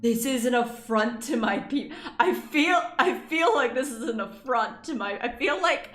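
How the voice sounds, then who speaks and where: A young Scottish woman with a Scottish accent reads a story game aloud and reacts with animated, swearing outbursts. Her voice sits fairly high and moves around a lot. The room sounds echoey, and soft music plays behind her. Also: a little slow. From Scotland. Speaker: gaming YouTuber.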